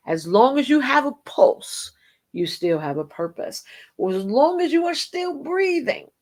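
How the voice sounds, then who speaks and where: A middle-aged woman, a host and Christian singer, leads a devotional program, teaching slowly and earnestly and breaking into snatches of hymns. Her voice is on the low side with a darkish tone.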